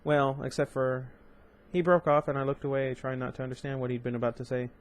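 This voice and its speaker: A man's voice: medium pitch, steady tone, rapid-fire. Young man reading a novel aloud. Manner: casual, chatty asides with fillers and restarts. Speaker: audiobook reader and channel host. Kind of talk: amateur book reading with commentary.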